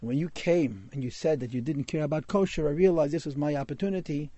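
A man's voice: on the high side, fast talker, dark tone, no room sound. A man telling a Hasidic story in a class, mixing in Yiddish and Hebrew words.

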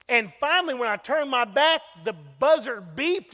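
High, bright preacher man. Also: normal speed, few pauses. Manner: folksy, animated storytelling, voice rising to shouts at key moments. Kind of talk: sermon with storytelling. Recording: reverberant hall.

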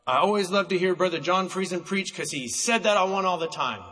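A man preaching a sermon, emphatic and slowing down to stress single words, recorded in a church hall. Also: high voice, a bit bright.

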